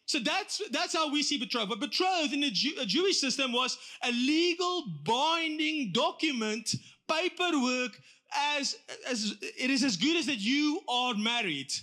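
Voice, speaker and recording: A middle-aged man preaching a sermon, telling the story with lively asides and acted-out voices. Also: very high voice, measured pace. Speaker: pastor.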